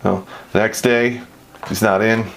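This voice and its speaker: A man's voice: lowish voice, steady tone, measured pace, creaky, a bit bright, a little hiss or hum. A middle-aged man telling army stories in a casual, profane, laid-back way, often laughing as he talks. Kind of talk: casual storytelling.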